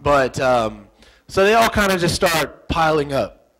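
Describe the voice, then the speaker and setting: A man's voice: a little high, sing-song, a little slow, fairly bright tone, low-quality recording. A young American man, a former soldier, telling a story in an interview. He talks animatedly, repeats phrases for effect, and acts out the dialogue he remembers.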